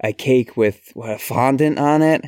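A man co-hosting a podcast, chatting casually with animated disgust and frequent laughter. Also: mid-range voice, unhurried, clean tone, dry recording, studio quality. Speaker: podcast co-host.

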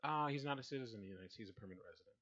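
A man's voice: medium pitch, animated, rapid-fire, a bit bright, slightly rough. A young man telling a rambling, self-mocking story in a casual chat. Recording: slightly dull lo-fi sound.

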